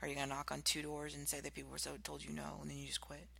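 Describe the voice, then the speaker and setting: Podcast host, motivational talk, sharp bright tone, gravelly edges, acts out examples. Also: medium pitch, racing. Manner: animated, acts out contrasting example voices.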